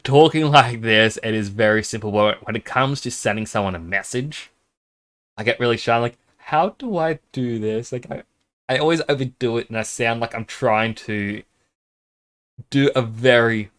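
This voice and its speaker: A man's voice: medium pitch, moderate pace, fairly bright tone. Chatty male streamer, rambling and self-conscious. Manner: rambling, self-conscious, tests whispering at the mic. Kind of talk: casual game-stream chat. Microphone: streaming microphone.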